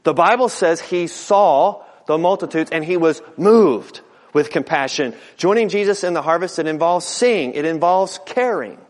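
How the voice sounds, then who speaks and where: A man's voice: a little high, lively intonation, normal speed. A middle-aged man preaching a sermon as a pastor, folksy and earnest, often repeating words and stacking alliterative phrases. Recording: long hall reverb.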